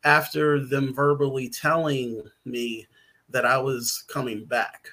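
Podcast guest, male writer, mid-pitched, rambly and hesitant. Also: little pitch movement, takes it slowly, sharp tone. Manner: rambling, hesitant with many fillers and restarts. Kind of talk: casual podcast chat.

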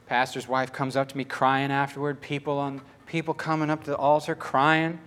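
A man preaching a storytelling sermon, acting out the dialogue in animated fashion. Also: medium pitch, moderate pace, a little hiss or hum.

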